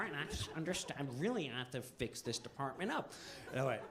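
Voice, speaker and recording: A man telling comic stories in a casual, animated way, laughing into his lines. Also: on the high side, normal speed, a loud crowd. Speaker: storyteller.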